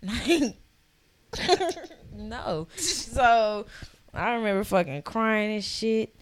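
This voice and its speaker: A young woman in casual chat, expressive and swearing, laughing as she tells a story. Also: on the high side, extremely slow.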